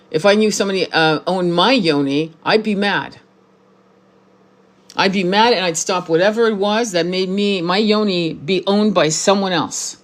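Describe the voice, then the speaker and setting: A woman in her sixties, a tarot reader and spiritual teacher, talking bluntly and with profanity to camera in a casual monologue, repeating points for emphasis. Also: on the low side. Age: 60s.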